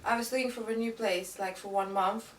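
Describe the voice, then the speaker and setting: Speaking as an interviewee, a young woman meanders through a casual story with plenty of filler words, her voice mid-range, steady, and brisk. It's recorded on a distant mic with faint room noise in the background.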